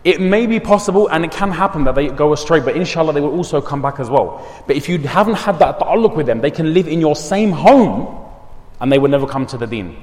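Male madrasa teacher, fairly high voice, animated storyteller, long hall reverb. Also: fairly quick. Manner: mixes English with Urdu and Arabic words, animated storytelling. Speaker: madrasa teacher giving a talk. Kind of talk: community talk.

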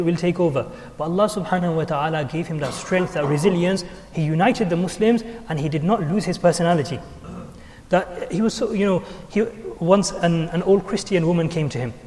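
A man giving an Islamic talk, telling historical stories in an animated way, with fillers and restarts. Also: sits high, in a large hall. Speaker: Islamic speaker. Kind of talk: sermon.

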